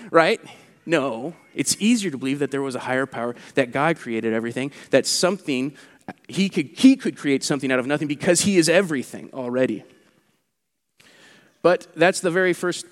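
A man preaching a sermon as pastor, animated and conversational, acting out what mockers say. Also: on the high side, long reverb tail. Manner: animated, acts out mockers' quotes.

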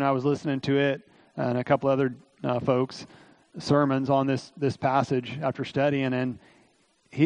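A middle-aged man preaching a sermon as pastor, in a folksy, conversational way, with many fillers and asides, his voice slightly hoarse this morning. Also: mid-range voice, darkish tone, no room sound.

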